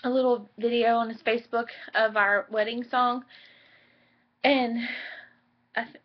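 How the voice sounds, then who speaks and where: In a casual pregnancy vlog filmed in her home bedroom, a young woman chats emotionally, her speech full of likes and ums. Her voice is on the high side with little pitch movement, and she sounds unhurried. The home video audio is dull and lo-fi.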